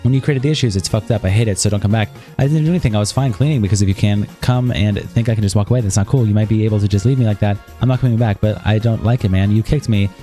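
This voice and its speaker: A man on a livestream reads out a quarrel straight from a document. His voice sits low and mellow, and he rattles through the lines at great speed, swearing as he goes. Soft music plays faintly behind him. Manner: rapid, run-on reading with heavy swearing. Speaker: streamer. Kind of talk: reading an argument aloud from a document.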